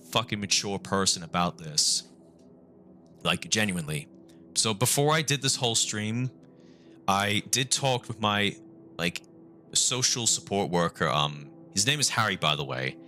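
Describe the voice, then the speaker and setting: A young man speaks on a live stream in a fairly low, bright, forward voice. He halts, repeats himself and swears, aiming for a calm, measured tone. Faint music plays behind him. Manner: halting, remorseful, repeats and restarts; swears often. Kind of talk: casual live-stream talk.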